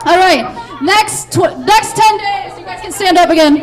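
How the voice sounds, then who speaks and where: A high, lively woman runs a children's Bible play from the front of a church. Her talk is upbeat and playful, full of quick cheers and stage cues for the kids. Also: crowd noise. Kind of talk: directing a children's Bible skit.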